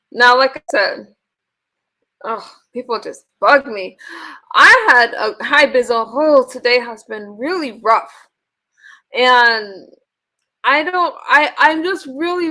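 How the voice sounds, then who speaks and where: Woman, high voice, bright, blunt, profane, live-stream host, irritated. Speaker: host of a live online panel. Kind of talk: live-stream chat, ranting to viewers.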